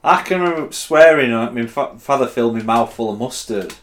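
A man in casual chat, rambling and halting, full of "like". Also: mid-range voice, fairly bright tone, a little hiss or hum.

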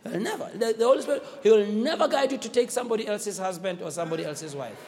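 A man's voice: high-pitched, fast, darkish tone. A man preaching a sermon in church, exhorting the congregation and calling for their responses. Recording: echoey church hall.

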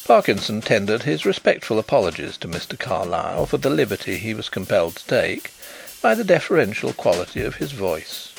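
A man narrating an audiobook in a steady, even storytelling manner. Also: lowish voice, fairly quick, gravelly, faint music behind, rough recording. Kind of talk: scripted narration.

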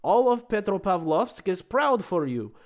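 A man's voice: high voice, very animated, a little slow, pitched above the performer's own voice. A man voicing a boastful Russian immigrant reading a review aloud in a put-on Russian accent, speaking broken English with grand, dramatic pride.

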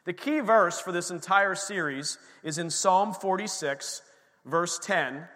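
A man delivers an emphatic sermon in a church, his voice high and bright. He repeats phrases for emphasis and drives the energy upward. A long reverb from the sanctuary trails every line. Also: slow pace. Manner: emphatic preaching, repeating phrases with rising intensity. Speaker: pastor.

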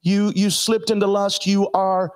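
A man preaching a sermon, calling on the congregation to answer and building up to impassioned shouting. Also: sits high, level tone, unhurried, smooth, dry recording. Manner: calls for congregation responses.

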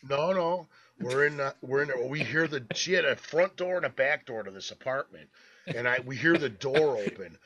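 A man's voice: mid-range voice, normal speed, fairly bright tone. A man co-hosting a podcast, telling a story in a rambling, casual way, swearing freely and laughing as he goes. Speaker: podcast co-host. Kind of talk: casual storytelling among friends. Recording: dull lo-fi podcast audio.

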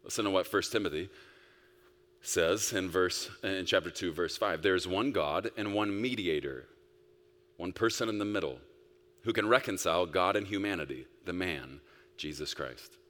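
A male pastor preaching a sermon, emphatic, swinging between loud bursts and soft, quiet stretches. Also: sits low, normal speed. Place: church sanctuary. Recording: long reverb of a large hall.

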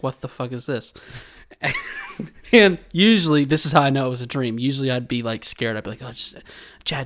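A man chats casually as a podcast co-host. He rambles through a long story and keeps breaking into laughter, his voice sitting at an ordinary middle pitch. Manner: rambling, laughs often while telling stories. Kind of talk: casual chat, telling a dream story.

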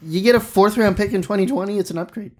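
A podcast co-host talking hockey in a relaxed, chatty way, quick to laugh. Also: mid-range voice. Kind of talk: casual sports podcast chat.

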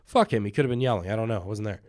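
A young man with a somewhat low voice trades crude jokes and teasing remarks. He co-hosts a casual podcast and talks in an easy, joking way. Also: rapid-fire, a little mellow. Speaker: comedian and podcast co-host. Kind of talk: casual chat.

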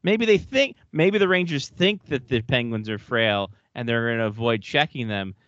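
A man's voice: medium pitch, normal speed, a bit bright, highs cut off. Joking, swearing man hosting a chat. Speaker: podcast host. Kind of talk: casual chat.

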